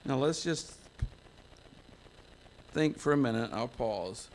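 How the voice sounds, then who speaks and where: A man's voice: medium pitch, animated, takes it slowly, a little hiss or hum. A man from the United States preaching a folksy, self-mocking sermon to a church congregation, wandering into asides. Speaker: pastor.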